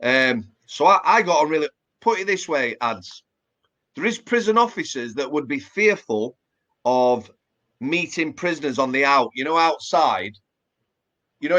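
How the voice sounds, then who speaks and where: With a Yorkshire English accent and a medium-pitched, slightly bright voice, this ex-prison officer from Yorkshire talks at normal speed with lively intonation. It's a casual interview, and his plain chat is peppered with fillers and restarts.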